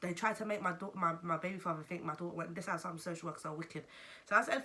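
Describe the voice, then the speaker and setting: A young woman with a London accent, telling a story to camera in a casual, animated way and swearing freely. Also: lowish voice, rapid-fire. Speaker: vlogger.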